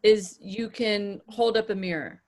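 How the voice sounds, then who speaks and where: A woman's voice: mid-range voice, a little slow. A woman hosting a podcast as a relationship coach, talking to a small group in a direct, matter-of-fact way and acting out examples.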